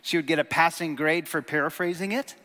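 A man's voice: a little high, a little fast, sharp tone. A man giving a sermon in a conversational teaching style, with enthusiastic asides. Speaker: pastor. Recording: reverberant hall.

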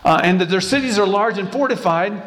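A man's voice: high-pitched, fairly quick, fairly bright tone, voice pushed up. A man voicing an eager eighty-five-year-old warrior who emphatically demands the hardest fight. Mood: bold, eager.

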